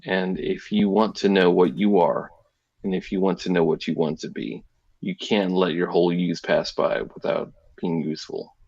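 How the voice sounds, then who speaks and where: A man's voice: deep voice, level tone, normal speed, darkish tone, breathy edge, dry recording. A man in his thirties in casual chat, giving blunt advice and swearing freely. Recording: dull lo-fi sound.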